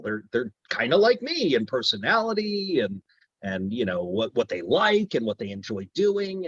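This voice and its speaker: A voice actor talks enthusiastically in a casual interview, telling stories from his career. His voice is husky, with a dry, close sound. The recording is slightly dull and lo-fi. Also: medium pitch, dry recording. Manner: enthusiastic, storytelling, drops into character voices. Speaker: voice actor guest.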